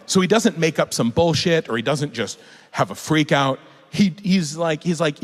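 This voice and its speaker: A man, an author and guest speaker, telling a funny story to a live audience in a large hall, lively and laughing as he swears. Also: fairly high pitch, normal speed. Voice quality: animated, lively delivery with frequent laughs and swearing.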